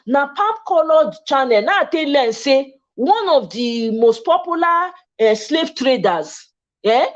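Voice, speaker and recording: A woman's voice: high voice, highs cut off. A Nigerian woman hosting a casual livestream talk, speaking passionately and switching between English and Pidgin. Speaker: host.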